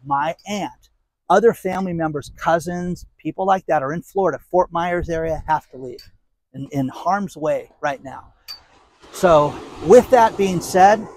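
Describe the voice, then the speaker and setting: A man's voice: fairly high pitch, darkish tone, no room sound. A man hosting his own commentary channel, ranting outdoors in a heated, exasperated way with sarcastic asides. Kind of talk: angry commentary rant.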